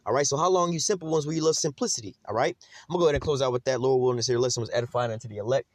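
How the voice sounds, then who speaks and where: A man's voice: medium pitch, racing, no room sound. A man teaching a casual Bible lesson in a conversational, emphatic way, full of fillers.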